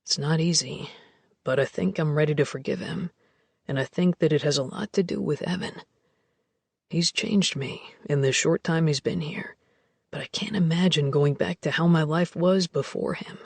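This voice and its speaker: A man voicing a troubled young man who opens up softly, with a deep, raspy voice in audiobook dialogue. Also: moderate pace, no echo. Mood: quiet, confiding.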